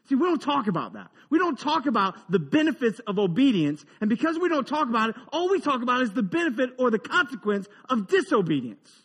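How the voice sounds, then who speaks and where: High-voiced man preaching a sermon. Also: a little fast, hardly any pauses, breathy edge, in a large hall. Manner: animated preaching, swings between quiet asides and emphatic build-ups; humorous, conversational. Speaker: pastor.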